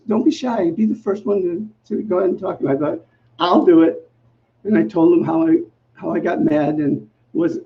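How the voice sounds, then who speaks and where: A male minister telling a personal story in a sermon, acting out the dialogue in a lively, self-mocking way. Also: a little high. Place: church sanctuary. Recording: muffled recording with faint background noise.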